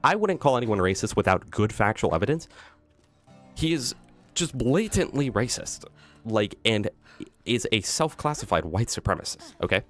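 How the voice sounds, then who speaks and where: A man livestreaming a video game, ranting to his chat in a lively, mocking way. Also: on the low side, moderate pace, faint music behind. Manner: ranting, animated, mocking impressions. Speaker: streamer. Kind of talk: live gameplay stream chat. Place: loud room.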